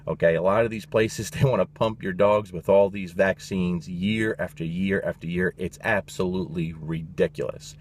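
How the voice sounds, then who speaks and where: Male dog trainer, lowish voice, blunt and emphatic, swears, casual opinion monologue. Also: fairly even intonation, moderate pace, few pauses, slight background noise.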